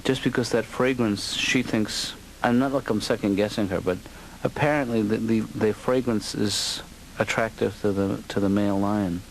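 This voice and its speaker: An actor voicing a mild, hesitant male therapist who speaks softly and trails off mid-sentence. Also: fairly low pitch, fairly even intonation, normal speed, hardly any pauses, a little hiss or hum, natural voice, rough recording. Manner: mild, hesitant, soft-spoken. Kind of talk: cartoon dialogue.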